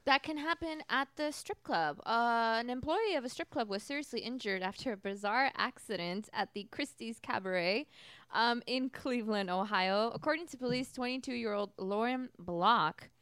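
A woman's voice: fairly high pitch, normal speed, fairly bright tone, smooth, no room sound, clean studio sound. A woman co-hosting a casual talk show, reading news items in a chatty, amused way. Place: garage.

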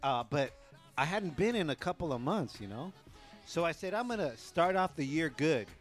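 A man's voice: on the high side, animated, moderate pace, faint music behind. Laid-back joking male co-host. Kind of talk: casual podcast chat.

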